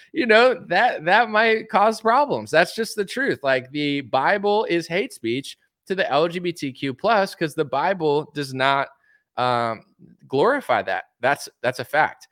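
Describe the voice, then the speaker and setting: A man's voice: on the high side, a bit bright, dry recording, clean studio sound. A man hosting a casual opinion commentary, talking bluntly and asking one rhetorical question after another. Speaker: commentary show host.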